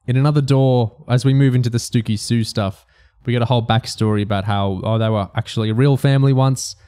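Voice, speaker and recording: Man with a dark, mellow voice. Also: mid-range voice, fairly even intonation, quick pace, smooth. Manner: reads quoted passages aloud between comments. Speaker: podcast co-host. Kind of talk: reading aloud and discussing a book.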